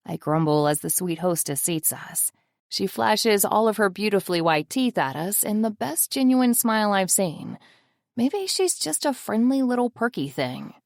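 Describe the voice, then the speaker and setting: Wry low-voiced woman narrating. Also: moderate pace, no echo, clean studio sound. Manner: wry, sardonic. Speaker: audiobook narrator. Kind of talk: first-person audiobook narration.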